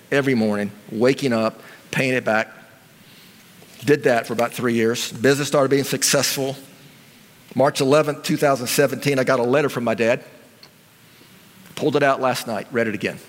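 A middle-aged male pastor preaching a sermon, telling stories in an animated way with emphatic repetition. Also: medium pitch, moderate pace, big-room sound.

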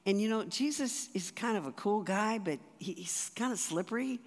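A church teacher gives sermon teaching in an easy, conversational manner. The teacher asks the room rhetorical questions. The voice sits at a middle pitch, and the hall adds a long reverb. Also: lively intonation, moderate pace. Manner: conversational, with rhetorical asides to the audience.

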